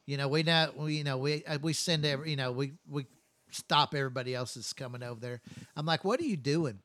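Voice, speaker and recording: A man's voice: medium pitch, flat delivery, fast, a bit bright, dry recording. A man telling long, profane stories from his work as a first responder in a casual chat. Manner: profane, rambling, blunt.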